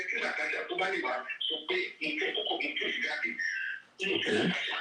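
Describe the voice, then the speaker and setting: A man with a Nigerian accent giving animated, emphatic answers in an interview. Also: very high-pitched, rapid-fire. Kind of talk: interview answers mixing Yoruba and English. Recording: echoey room from far off.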